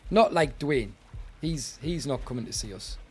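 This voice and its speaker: A man's voice: mid-range voice, expressive, normal speed, slight background noise. A British man streaming a game live, chatting with viewers and grumbling in exasperation. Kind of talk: live gaming commentary.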